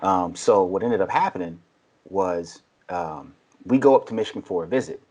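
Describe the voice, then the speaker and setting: A man's voice: low-pitched, moderate pace. A man, a podcast guest, telling stories in casual chat and acting out the people he quotes. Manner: animated storyteller, acts out quotes. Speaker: podcast guest, baseball coach. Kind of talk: casual storytelling.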